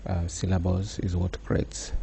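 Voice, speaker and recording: A man giving a slow, measured lecture, pausing often with fillers. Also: low-pitched, completely flat delivery, gravelly, mellow, a little hiss or hum. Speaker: teacher. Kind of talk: recorded lecture.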